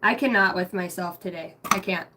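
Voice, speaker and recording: A young woman running a casual livestream chat, excitable and swearing freely, dropping low and hushed when she prays. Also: moderate pace. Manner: excitable, swearing, bursts of loud laughter. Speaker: spiritual reader streaming live.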